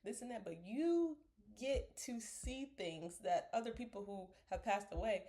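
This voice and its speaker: A young woman talks straight to her camera in a casual, earnest vlog. She rambles and circles back on herself, sips a smoothie between thoughts, and now and then drops her voice to a whisper. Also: mid-range voice, expressive, measured pace, mellow. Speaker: vlogger. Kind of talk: casual motivational talk to camera.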